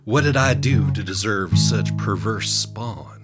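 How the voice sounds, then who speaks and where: A man reading the lines of an angry, contemptuous father in a put-on Texan accent, slow and deliberate. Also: lowish voice, over loud music, close to an everyday voice. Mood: scornful.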